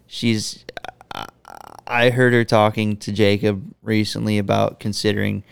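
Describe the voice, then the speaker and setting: A man's voice: on the low side, little pitch movement, unhurried, vocal fry, smooth. A young man co-hosting a podcast in casual, crude, joking chat. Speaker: podcast co-host.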